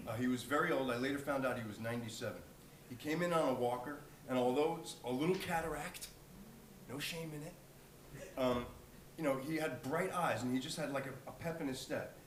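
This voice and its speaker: A man's voice: mid-range voice, fairly quick, a little hiss or hum. Man chatting between songs at a gig. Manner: relaxed, rambling, with ums and uhs. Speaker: singer-songwriter. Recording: echoey live room, mic from a distance. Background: guitar playing.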